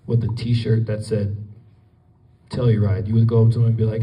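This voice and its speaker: A man's voice: mid-range voice, level tone, normal speed, dull audio. A man giving a casual public talk to an audience, rambling with many fillers and restarts. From Colorado. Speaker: guest speaker. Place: event hall with an audience. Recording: distant, roomy event recording.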